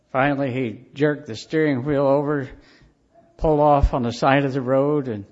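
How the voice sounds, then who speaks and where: A man preaching a sermon, telling stories in slow, emphatic phrases. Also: medium pitch, darkish tone. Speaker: pastor. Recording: dull lo-fi recording.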